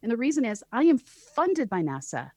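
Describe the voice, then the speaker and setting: A woman's voice: a little high, sing-song, moderate pace, a little mellow, no echo. A woman co-hosting a casual science podcast as an astronomer, explaining with wry, sarcastic asides. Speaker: co-host, astronomer.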